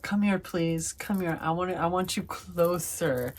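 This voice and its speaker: A woman voicing an excited prancing white horse from a tarot card, squealing and breathless with eagerness. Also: on the low side, a little slow, slight background noise, lightly acted. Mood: gushing.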